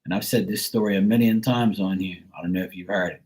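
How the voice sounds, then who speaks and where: Middle aged guy chatting on his tarot stream, blunt and rambly, kinda low pitch. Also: fairly even intonation, fast talker, darkish tone. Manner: rambling, blunt, with frequent fillers. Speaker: tarot reader and livestream host. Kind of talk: casual live-stream chat.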